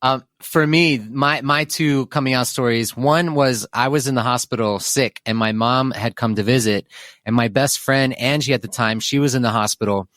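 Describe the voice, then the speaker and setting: A man's voice: mid-range voice, moderate pace, fairly bright tone, dry recording, studio quality. A man hosting a podcast who chats in an upbeat way and tells stories freely. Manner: upbeat, chatty storyteller. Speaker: podcast host. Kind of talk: casual interview chat.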